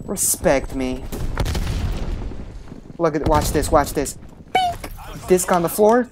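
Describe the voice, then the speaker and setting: A woman giving loud, profane, excitable commentary while playing a shooter game with a friend. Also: low voice, slow. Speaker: gamer streaming with a friend. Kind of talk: casual gameplay commentary. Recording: game gunfire noise under the voice.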